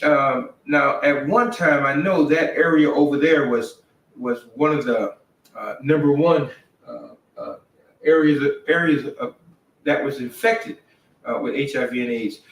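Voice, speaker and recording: Halting male host on a roomy call. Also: medium pitch. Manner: halting, many fillers and restarts. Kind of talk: community talk show. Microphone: video call. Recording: roomy, distant video call audio.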